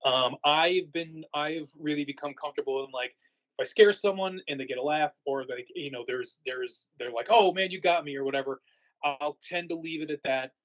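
A man's voice: fairly high pitch, moderate pace, fairly bright tone, highs cut off. A man answering interview questions in a casual, rambling way, full of fillers and restarts. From United States. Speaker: haunt actor guest.

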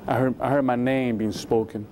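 A man's voice: medium pitch, fairly even intonation, brisk, dark tone, a little hiss or hum. A man giving an emotional testimony as a guest in a religious interview, acting out the voices in his story with sudden rises. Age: 20s.

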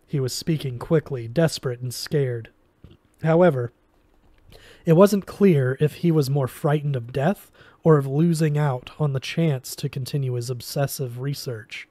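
A man reading a novel aloud in a steady storytelling manner, with occasional restarts. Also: medium pitch, moderate pace, dry recording. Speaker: reader.

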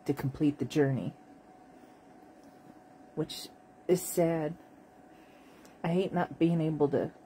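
A tired woman with a cough, talking in a slow, halting late-night monologue to her viewers. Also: deep voice, warm tone, slight background noise, rough recording. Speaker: vlogger.

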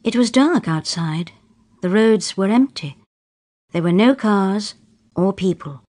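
A woman's voice: mid-range voice, lively intonation, slow pace, a little mellow. A woman reading a short story aloud in plain, simple sentences for English learners. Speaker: story reader.

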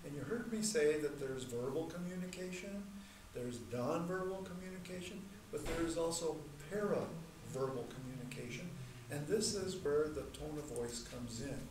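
A man teaching a church class in a measured, deliberate way, repeating key points and slowing down to stress terms. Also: on the high side, a little mellow. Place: church hall. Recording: echoey room, mic far off, faint noise.

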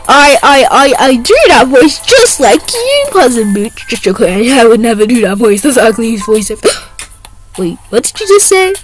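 A woman plays out a toy role-play, voicing a whole cast on her own. Her voice sits high and swoops widely, and she keeps slipping into giggles. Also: low-quality recording. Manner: giggly, playful, often breaking into laughter.

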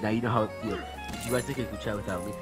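A man's voice: on the low side, fairly even intonation, racing. Young guy reading chat over game music. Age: teens. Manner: reads group-chat messages aloud to friends, often breaking into laughter. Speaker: gamer reading chat messages aloud. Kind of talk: casual gaming commentary. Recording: game music playing behind.

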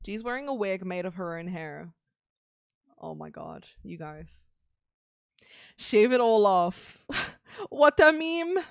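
A woman's voice: medium pitch, lively intonation, takes it slowly, creaky, long pauses, dry recording, clean studio sound. A young woman streaming games live, swearing constantly and ranting at the game when it frustrates her.

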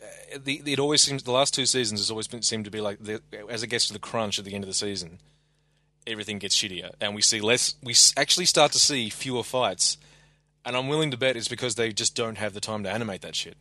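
A man's voice: fairly low pitch, quick pace, pushed and bright. A man co-hosting a podcast in casual chat, blunt and often stumbling over his words. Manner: stammering restarts, blunt. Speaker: podcast co-host.

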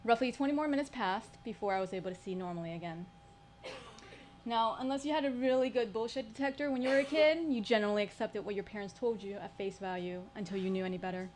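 A woman's voice: mid-range voice, quick pace, a little hiss or hum. A woman performing a personal story live at a storytelling showcase, with a wry, humorous delivery and dry asides.

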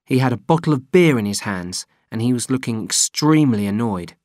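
A steady male audiobook narrator reads a script at medium pitch and a slightly quick pace. The recording is dry.

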